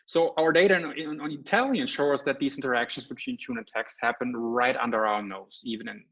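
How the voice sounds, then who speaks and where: A man's voice: medium pitch, fairly quick, a bit bright. Man giving a muffled online lecture. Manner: explanatory, checks in with "right?" and "okay?". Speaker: guest lecturer. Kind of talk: academic lecture. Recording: slightly muffled lecture audio.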